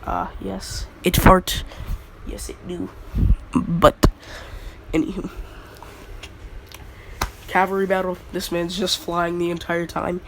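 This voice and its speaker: A man's voice: high-pitched, flat delivery, slow, creaky, long pauses, fairly bright tone, a little hiss or hum, rough recording. A man casually retelling a fan story, rambling and slangy with lots of filler words.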